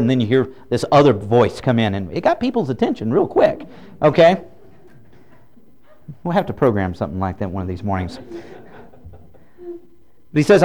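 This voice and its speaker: A man's voice: mid-range voice, very animated, a little fast, pauses often, a little mellow. A man preaching a folksy, humorous sermon as a pastor.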